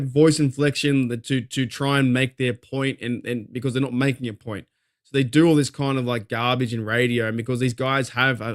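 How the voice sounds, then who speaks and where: A man with an Australian accent hosting a casual fan talk show, fired up and rambling, swearing freely as he vents. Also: medium pitch. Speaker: podcast host.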